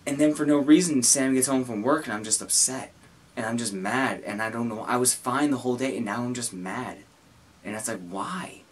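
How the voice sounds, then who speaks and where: A young man talking to camera about his own feelings, halting and earnest, with many restarts. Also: mid-range voice. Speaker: content creator. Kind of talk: personal talk to camera.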